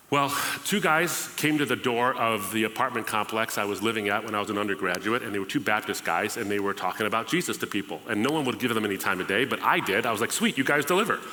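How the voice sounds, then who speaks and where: Man from the States, bright and forceful, wry storyteller in a long-reverb hall. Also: on the low side, a little hiss or hum. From United States. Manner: humorous, conversational, acts out past dialogues. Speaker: guest speaker. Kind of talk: storytelling testimony at a live event. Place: church auditorium.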